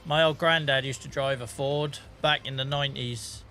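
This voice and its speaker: Bright-voiced Norfolk man, chatty streamer. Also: medium pitch, fairly even intonation, moderate pace, soft background music. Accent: Norfolk English. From England. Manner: chatty, laughs often, reads out chat messages. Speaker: game streamer. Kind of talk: casual live-stream chat.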